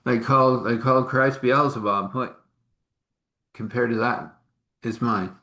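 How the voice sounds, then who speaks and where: A man's voice: medium pitch, steady tone, slow, bright, forceful tone, roomy sound. A man telling an informal faith story in a rambling, chuckling, conversational way.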